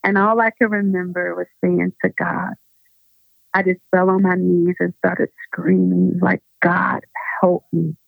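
A woman's voice: fairly low pitch, flat delivery, a little slow, gravelly, no room sound. A woman guest giving an earnest, fervent faith testimony over a phone call. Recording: tinny phone line.

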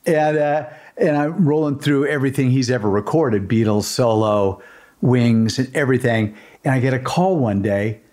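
A man who plays guitar chats casually with another musician. He tells his stories in a relaxed way and keeps the conversation easy. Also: mid-range voice, normal speed. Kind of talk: casual chat.

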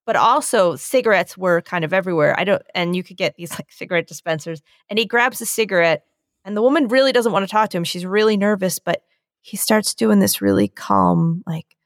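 A woman in casual chat, telling a story eagerly and acting out the scenes with quick laughs. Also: lowish voice, no echo, clean studio sound. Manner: enthusiastic storyteller, laughs easily, acts out movie scenes.

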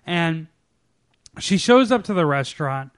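A man's voice: a little high, animated, unhurried, clean tone. A young man chatting casually with a friend, telling a rambling, profane story and laughing often. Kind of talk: casual chat.

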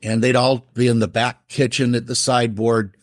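A man's voice: mid-range voice, flat delivery, moderate pace, no echo. A middle-aged man spins a long anecdote in a loose, rambling way. He restarts his sentences and slips into quotes from the people in the story. His voice sits in an ordinary middle register, recorded close and completely dry. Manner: rambling, self-interrupting, acts out quotes. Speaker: writer, interview guest.

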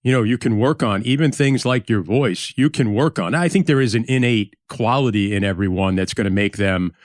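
A man's voice: fairly low pitch, a little fast, dry recording, studio quality. A man from Yonkers, New York, hosting a podcast conversation, telling stories and reminiscing. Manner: reminiscing, storytelling. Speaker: podcast host.

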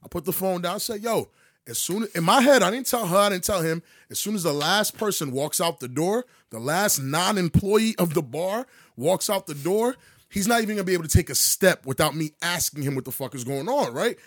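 A high-voiced man with a husky, breathy edge recounts a story in loose, profane slang. His pitch swings wildly as he acts out the other people in it, recorded dry and close. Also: a little fast, dry recording. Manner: animated, acts out dialogue with big pitch jumps. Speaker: podcast co-host telling a story. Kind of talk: casual storytelling chat.

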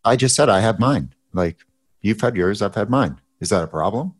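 Deep-voiced man speaking in measured tones. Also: lively intonation, slightly rough. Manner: measured, reflective, with hesitant restarts. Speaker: podcast co-host, youth hockey coach. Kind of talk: casual chat.

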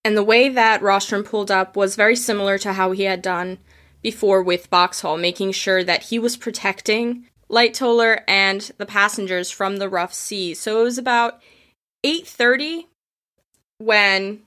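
A woman's voice: medium pitch, steady tone, moderate pace, a bit bright. A woman telling history stories casually, with emotion, acting out the voices of the people she quotes. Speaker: history storyteller. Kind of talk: casual spoken history storytelling.

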